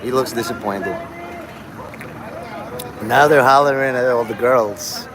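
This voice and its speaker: Brief: male streamer, rambling talker, laughs a lot, middle pitch, clear street noise and traffic behind him. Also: slow pace. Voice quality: meandering, laughs often between thoughts. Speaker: livestreamer. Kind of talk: rambling live-stream chat.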